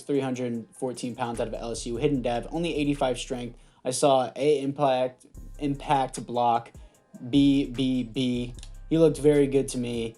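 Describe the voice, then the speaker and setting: A man's voice: medium pitch, mellow. A young man giving casual, sarcastic commentary over a sports video game to his viewers, on a headset mic. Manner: offhand, sarcastic, talks to viewers. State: throat catching, clearing throat. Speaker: gaming YouTuber.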